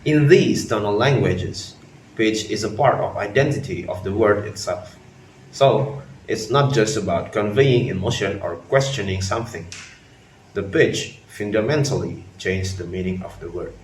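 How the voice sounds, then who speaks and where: A man's voice: fairly low pitch, moderate pace, a little hiss or hum. Young man presenting, distant and roomy. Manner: explaining, reading from notes. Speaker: student presenter. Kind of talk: class presentation. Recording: roomy, distant mic, faint ambience.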